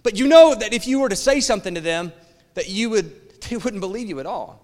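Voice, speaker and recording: A middle-aged man preaching from the pulpit, telling stories with animated humor and acting out both sides of his exchanges. His voice sits a little high for a man. It rings with the long reverb of a church sanctuary. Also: a little fast. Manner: animated storytelling, acts out quoted exchanges. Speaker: pastor. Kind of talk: sermon.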